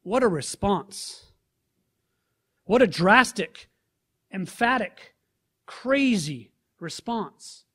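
A man preaching a sermon, reading scripture aloud and then pressing the listeners with rhetorical questions, rising loud and dropping soft. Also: high voice, expressive, drawn-out words, pauses often, breathy edge. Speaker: pastor.

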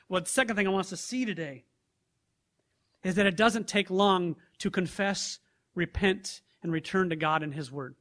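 A man preaching a sermon, reading scripture aloud and then pressing the listeners with rhetorical questions, rising loud and dropping soft. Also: sits high, expressive, normal speed. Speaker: pastor.

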